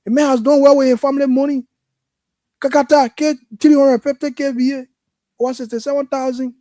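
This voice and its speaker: Liberian male talk host, heated political commentary, high voice, dry sound. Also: little pitch movement, fairly quick, mellow, no echo. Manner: impassioned, frustrated. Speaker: radio call-in host.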